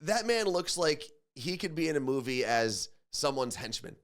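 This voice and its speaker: A man's voice: on the high side, big pitch swings, moderate pace. A man co-hosting a morning show, chatting casually and with strong opinions, often repeating words as he thinks. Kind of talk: casual radio show banter.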